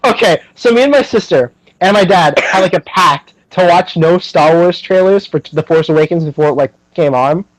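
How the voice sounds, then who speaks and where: Young man, podcast host, casual animated chat, slightly higher voice, dry close sound. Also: normal speed, few pauses, dry recording, low-quality recording. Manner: chatty and animated, many fillers, laughs often.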